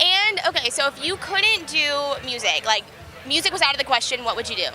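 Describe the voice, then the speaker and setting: A woman's voice: high-pitched, animated, fairly quick, rough recording. A young woman hosting a student morning show, interviewing eagerly outdoors with a giggle. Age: young adult. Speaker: student TV host. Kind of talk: casual interview. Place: outdoors at a festival. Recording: loud crowd and noise outdoors.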